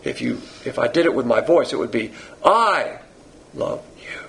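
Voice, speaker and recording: A man preaching a sermon in a blunt, sarcastic, emphatic way, slowing down to stress key phrases. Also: mid-range voice, vocal fry, darkish tone, slight background noise, rough recording.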